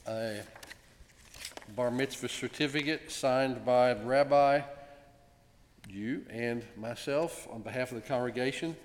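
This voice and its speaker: A man speaking as congregation president, giving a ceremonial presentation speech with gentle jokes and frequent pauses, in a synagogue sanctuary. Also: mid-range voice, slight background noise. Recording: long reverb in a large sanctuary.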